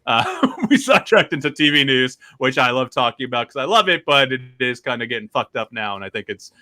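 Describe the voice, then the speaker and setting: A man's voice: mid-range voice, sing-song, fairly quick, pushed and bright, dry recording, studio quality. A man hosting a casual podcast chat, rambling and laughing often as he talks. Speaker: podcast host.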